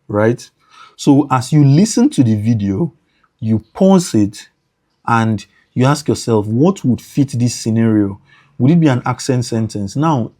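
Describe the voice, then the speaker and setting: Guy walking thru an editing tutorial real slow, dark mellow voice, keeps repeating himself. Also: medium pitch. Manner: slow, repeats points, thinks aloud. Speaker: motion design tutor. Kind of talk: screen-recorded tutorial.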